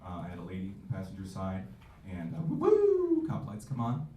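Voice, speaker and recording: This twenties comic has a low, mellow voice with huge pitch swings, talking a little fast. His self-mocking stand-up set, full of jumpy acted-out voices, comes through muffled and roomy, recorded from a distance on a comedy club stage.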